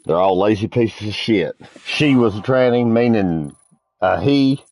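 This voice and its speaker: A man's voice: lowish voice, unhurried, a little mellow. A man streaming a multiplayer game, chatting casually and crudely with friends, telling rambling stories and teasing them. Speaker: gaming streamer.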